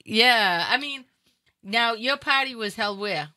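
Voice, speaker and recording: A woman's voice: fairly high pitch, lively intonation, takes it slowly, sharp tone, no echo, clean studio sound. A woman hosting a comedy talk show, chatting in a joking, blunt way. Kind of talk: casual comedic chat.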